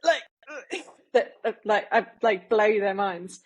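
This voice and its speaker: A woman's voice: mid-range voice, animated, takes it slowly. Giggly woman telling a casual story. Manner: giggly, full of fillers like "like" and "uh". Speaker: podcast co-host.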